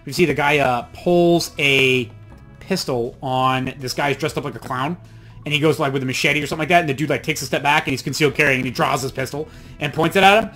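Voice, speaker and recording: A man's voice: fairly high pitch, fast talker, a bit bright, soft background music. Chatty man rambling over gameplay. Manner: rambling, chatty, self-mocking asides. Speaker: let's play host. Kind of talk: casual gameplay commentary.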